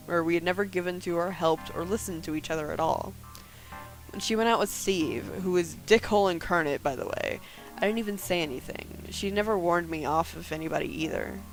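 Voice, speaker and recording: A woman voicing a guarded, brooding woman in her thirties, reading her first-person narration and lines quietly and dryly in a game. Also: fairly low pitch, close to an everyday voice, low-quality recording.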